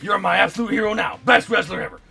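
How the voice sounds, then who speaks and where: A man voicing an overjoyed, loud female wrestling fan in a visual novel. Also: high-pitched, quick pace, vocal fry, soft background music, voice pushed up, heavily acted. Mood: ecstatic. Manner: loud, tearful shouting.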